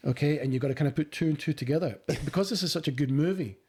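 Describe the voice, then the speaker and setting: A man's voice: a little high, very fast, darkish tone, slightly rough. A man co-hosting a casual film-review podcast, eagerly retelling the plot with stumbling restarts. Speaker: podcast co-host.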